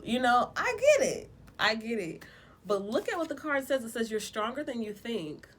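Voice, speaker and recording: A woman giving a casual tarot reading, talking bluntly in lively slang with plenty of profanity. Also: medium pitch. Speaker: tarot reader.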